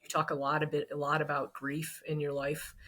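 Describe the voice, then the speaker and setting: A woman's voice: sits low, flat delivery, brisk, a bit bright. Earnest woman guest, thoughtful talk. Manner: earnest, thoughtful, with many restarts. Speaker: guest author. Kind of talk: casual interview chat.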